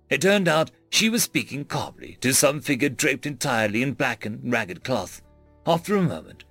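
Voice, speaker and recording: A male storyteller reading a written story with a lively, rising and falling voice. His narration sounds close and dry, with soft music underneath. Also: mid-range voice, no room sound. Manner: expressive, varied reading.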